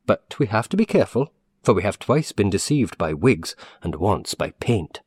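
A man's voice: fairly low pitch, sing-song, normal speed, slightly rough, dry recording, studio quality. A man voicing a fussy, eager middle-aged male manager who speaks earnestly and formally.

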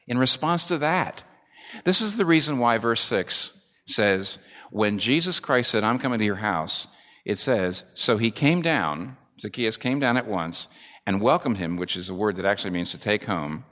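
A man's voice: mid-range voice, very animated, normal speed, sharp tone. A man preaching a sermon as a pastor, earnest and building to emphatic peaks. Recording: long reverb of a large hall.

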